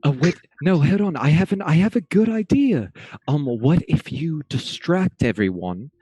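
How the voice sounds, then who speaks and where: A man's voice: fairly high pitch, animated, normal speed, dark tone, slightly rough, dry recording. A young man playing his character in a tabletop game, flustered and stammering, earnest. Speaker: player. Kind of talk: in-character tabletop role-play.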